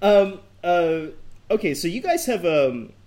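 A man's voice: high voice, sing-song, a little slow, a little mellow. A man hosting a podcast, chatting casually with jokes and frequent ums. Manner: jokey, hesitant, many ums. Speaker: podcast host.

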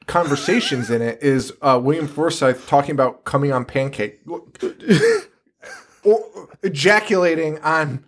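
A man's voice: fairly high pitch, unhurried. A young man co-hosting a horror podcast in casual chat, swearing freely and laughing often as he recaps scenes. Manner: profane, laughing, animated storytelling. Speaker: podcast co-host.

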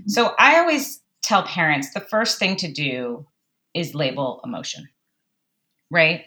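A woman's voice: low-pitched, very animated, unhurried, pushed and bright. A woman psychologist who is a guest on a podcast, speaking animatedly, acting out inner dialogue and laughing often. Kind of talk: casual podcast conversation.

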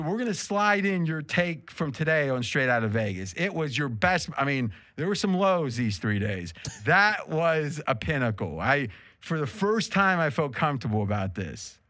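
Lively teasing male show host. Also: fairly high pitch, no echo. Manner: teasing, quick jokey ribbing. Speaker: sports betting show host. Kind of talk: casual studio banter.

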